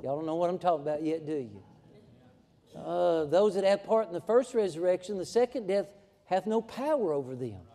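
A man preaching from the pulpit in a folksy, emphatic style that climbs to fervent heights. His voice sits high for a man yet sounds dark and mellow. It rings out with the long reverb of a church sanctuary. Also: animated, a little fast. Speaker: pastor. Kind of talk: sermon.

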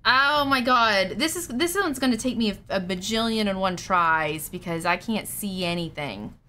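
A woman's voice: mid-range voice, expressive, moderate pace, sharp tone, slight background noise. A young woman streaming a horror game live, panicking, shrieking and swearing as she plays. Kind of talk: live gameplay commentary.

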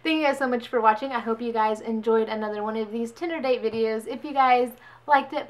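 A young woman vlogger telling a story casually, switching voices to quote people. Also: a little high. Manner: chatty, animated quoting of others.

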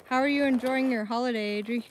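A woman's voice: on the high side, fast, slight background noise, poor audio. A woman live-streaming on her phone while riding a horse on a trail outdoors, chatting casually and coaxing her dog along in a sing-song voice.

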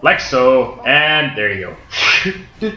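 A young man playing a video game and commentating, loud and profane, breaking into high yells when things go wrong. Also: very animated, extremely slow. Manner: loud, swearing, bursts into high-pitched yells. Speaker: gamer. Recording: roomy dull home recording.

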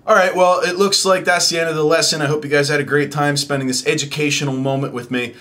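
A man hosting a comedy web show with deadpan, sarcastic, profane commentary. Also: fairly high pitch, fast, few pauses.

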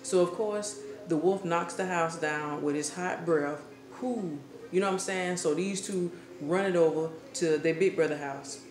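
Woman, vlogger, casual comic storytelling, slangy, animated, echoey room. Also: lowish voice, unhurried, few pauses, faint music behind. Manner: animated, slangy retelling with laughter. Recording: echoey room with faint hiss.

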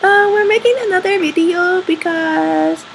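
A woman chatting and rambling in a silly home video, giggly and quick to burst into shouting. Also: very high-pitched, fairly even intonation, gravelly, a little hiss or hum.

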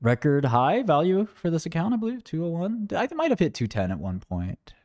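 A man's voice: fairly high pitch, wildly swooping pitch, a little fast, darkish tone, no room sound, clean studio sound. A man giving rambling, sarcastic livestream commentary, mocking and wandering off topic.

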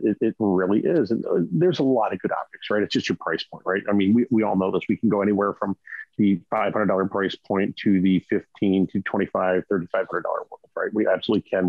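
Brief: low, gravelly male panelist, husky edge, emphatic casual talker. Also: no echo, highs cut off. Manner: emphatic, keeps asking "right?". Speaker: podcast panelist.

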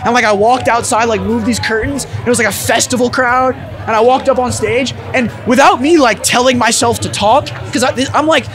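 A man's voice: very high voice, fairly quick, over music. A young adult man, a musician guest in an interview, telling a story in a laid-back, slangy way full of fillers and swearing.

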